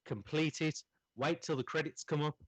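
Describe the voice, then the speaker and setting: A man's voice: fairly high pitch, steady tone, normal speed, no echo, low-quality recording. A man co-hosting a gaming podcast, talking in a chatty, rambling way with many fillers. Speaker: podcast co-host. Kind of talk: casual podcast chat.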